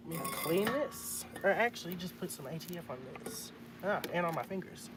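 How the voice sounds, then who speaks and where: A man's voice: high voice, animated, brisk, over loud music. A man chatting casually to live-stream viewers, muttering to himself as he works on a repair. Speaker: livestreamer. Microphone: phone.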